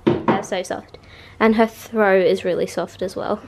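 A woman's voice: medium pitch, steady tone, a little slow, noisy background. A young woman chatting casually to camera in a bedroom, gushing and chatty. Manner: chatty and gushing, drops into baby talk with pets. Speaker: vlogger. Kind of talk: casual vlog chat. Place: bedroom at home.

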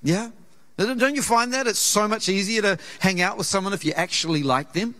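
Earnest New Zealand pastor preaching. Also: male voice, high voice, moderate pace, sharp tone. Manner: storytelling, acts out quoted voices, earnest. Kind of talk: sermon. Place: church auditorium.

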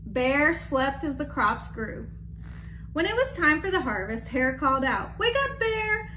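A woman reading a picture book aloud to children, gentle and stopping to ask them questions. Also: high-pitched, sing-song, a little slow, slight background noise. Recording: echoey room with faint background.

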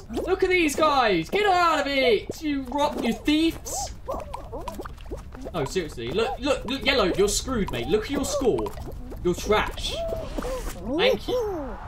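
A woman commentating her own gameplay, excitable and yelling at other players. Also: on the high side, normal speed, music in the background. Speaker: gaming channel host.

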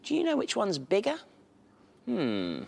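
A woman's voice: medium pitch, wildly swooping pitch, measured pace, gravelly, a little mellow, husky. A woman presenting a children's TV show in an encouraging, playful manner.

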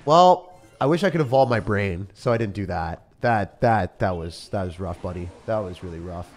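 A young man giving live commentary on his game as a streamer, swinging between loud outbursts and low muttering. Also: expressive, normal speed. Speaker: gaming streamer. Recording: faint music behind voice.

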